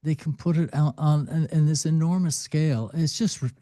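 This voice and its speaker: A man with a mellow, warm voice chatting casually as a radio co-host. He hesitates and restarts while looking for the right word, and the sound is dry and close. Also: a little high, no room sound. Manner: halting, searches for words with restarts. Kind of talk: casual chat.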